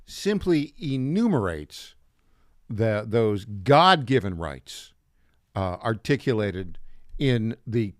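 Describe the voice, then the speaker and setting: A man's voice: fairly low pitch, sing-song, takes it slowly, dry recording, studio quality. An American man co-hosting a political talk radio show, chiming in with short remarks and wry asides. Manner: brief interjections and wry asides.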